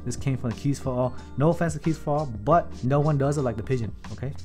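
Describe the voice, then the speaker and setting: A man riffing through a casual livestream as he works, excitable and quick to swear. His voice sits in an ordinary middle pitch, and he jokes with his viewers between tasks. Soft music plays faintly behind him. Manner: excitable, profane, joking, talks to chat. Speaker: keyboard builder streamer. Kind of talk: casual livestream commentary while building.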